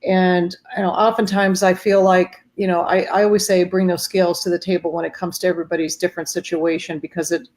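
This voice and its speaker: A woman's voice: on the low side, level tone, fast talker, few pauses. A woman hosting a faith-based support livestream over a video call, chatting casually and greeting viewers by name. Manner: warm greetings to viewers, many fillers. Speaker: host of grief support livestream.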